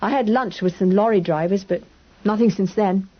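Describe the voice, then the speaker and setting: A woman reading an audiobook, voicing a frightened, hungry young English boy who talks quickly and anxiously. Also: mid-range voice, husky, muffled recording, close to an everyday voice. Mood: recounting. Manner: quick, anxious, breathless questioning.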